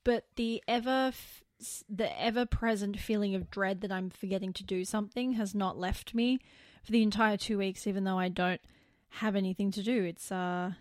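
A young Australian woman co-hosting a podcast, chatting casually and rambling, quick to laugh. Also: mid-range voice, steady tone, no room sound, studio quality. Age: young adult. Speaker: podcast co-host. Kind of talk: casual chat.

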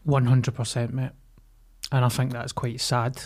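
A man's voice: mid-range voice, little pitch movement, a little slow. A man with a Scottish accent, co-hosting a podcast in blunt, sweary banter. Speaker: podcast co-host. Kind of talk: casual chat.

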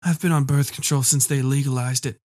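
A man voicing a drugged young woman held captive, answering in a weak, raspy voice with swearing, hostile retorts. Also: medium pitch, steady tone, brisk, darkish tone, dry recording, clean studio sound, natural voice.

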